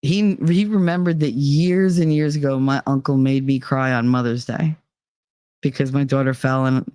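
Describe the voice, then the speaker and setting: Woman podcast host, low voice, dry close sound, swears freely and laughs through her stories. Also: steady tone, moderate pace, mellow, clean tone, no room sound. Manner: candid and profane, laughing between lines. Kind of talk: casual personal storytelling.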